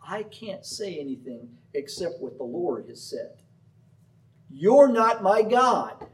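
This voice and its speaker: A man's voice: medium pitch, animated, unhurried, darkish tone, lightly acted. A man voicing a defiant male prophet who refuses to bend his message. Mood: firm. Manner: firm, plain-spoken. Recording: voice from far off the mic.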